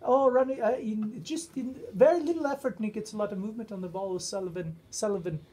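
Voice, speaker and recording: A man's voice: high-pitched, fast, a little mellow, slightly rough, pitched above the performer's own voice. A man putting on the voice of an older male Welsh snooker commentator, with a put-on Welsh accent and a sing-songy, rising and falling delivery. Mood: admiring. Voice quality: lilting, rising and falling melody.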